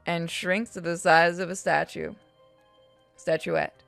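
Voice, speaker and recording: A woman's voice: on the low side, flat delivery, slow, creaky, long pauses, a bit bright, dry recording, soft background music. A woman reading and narrating a game aloud, with joking, swearing, self-mocking asides.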